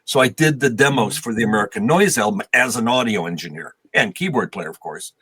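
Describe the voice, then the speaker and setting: A man's voice: lowish voice, fairly quick, a bit bright, breathy edge. A man in his sixties, a guest musician, telling stories in a casual interview with a rambling, self-deprecating manner.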